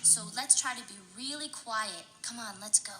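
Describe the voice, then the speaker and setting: A woman leading a children's storytime, chanting and coaxing her young listeners along in an animated, sing-song way. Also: on the high side, moderate pace, over music. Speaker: children's librarian.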